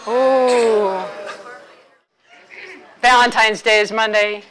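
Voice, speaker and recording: A woman's voice: on the high side, steady tone, measured pace, pauses often, a bit bright, poor audio. A woman author giving a humorous talk to a live audience, playfully quizzing the crowd. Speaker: author and intimacy speaker.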